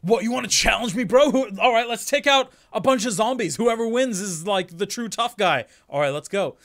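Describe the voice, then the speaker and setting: A man's voice: high-pitched, expressive, brisk, voice pushed up. Man doing a brash, cursing tough guy. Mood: taunting. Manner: swaggering, loud, taunting.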